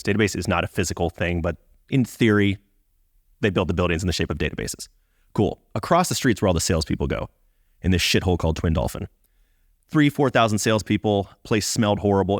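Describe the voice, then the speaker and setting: A man's voice: low voice, dry recording, studio quality. A man from Atlanta, a guest on an interview podcast, telling his story in a candid, self-mocking way with casual swearing. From Atlanta, USA. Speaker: guest, content creator.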